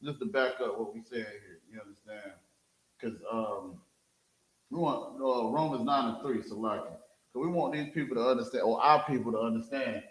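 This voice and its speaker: A man's voice: medium pitch, normal speed. Preacher, male, leads a scripture reading in an echoey room, keeps checking his listeners follow. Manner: calls for verses, repeats "you understand?", animated. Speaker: street preacher teaching scripture. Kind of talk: scripture teaching with a reader.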